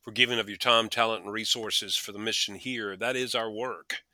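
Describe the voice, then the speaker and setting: An earnest male host wraps up the interview in a measured way with a rhetorical turn of phrase. His voice is somewhat low and very bright, recorded close and dry. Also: fairly even intonation, no room sound. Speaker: host from the organization. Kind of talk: interview wrap-up.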